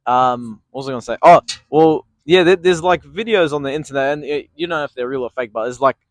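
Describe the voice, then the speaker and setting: A man's voice: medium pitch, quick pace, dry recording. A young man co-hosting a podcast, talking in a casual, rambling way full of fillers and restarts. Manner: rambling, hesitant, lots of fillers. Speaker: podcast co-host. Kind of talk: casual chat.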